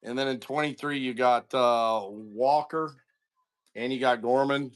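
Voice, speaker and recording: A man's voice: medium pitch, fairly even intonation, unhurried. A talkative man runs a live card break, greeting viewers by name as he goes. He drifts between rundowns of teams and rambling stories full of asides. His delivery is loose and conversational. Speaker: card break livestream host. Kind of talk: casual livestream chat.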